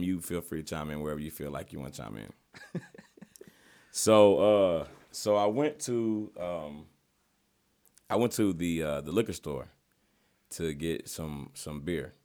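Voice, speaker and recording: A man hosting a podcast, telling an animated story in casual chat with slang and profanity. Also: low voice. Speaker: podcast host.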